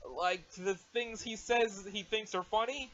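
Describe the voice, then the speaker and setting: A man's voice: sits high, steady tone, measured pace, a bit bright, pitched above the performer's own voice. A man voicing an aloof, formal alien troll girl with stiff, overly proper wording, on a dull lo-fi mic.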